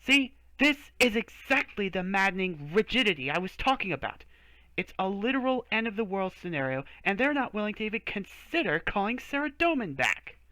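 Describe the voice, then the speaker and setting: A man's voice: mid-range voice, moderate pace, sharp tone, no room sound, poor audio. A man voicing a frustrated, blunt male temple knight while reading game dialogue aloud. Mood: exasperated. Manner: exasperated, blunt.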